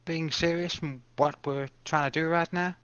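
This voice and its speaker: A man's voice: on the high side, fairly even intonation, moderate pace, a bit bright, clear, resonant tone, dry recording. A man playing a tabletop game, blunt and exasperated in character. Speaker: player. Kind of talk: in-character tabletop role-play. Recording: dull lo-fi dry mic.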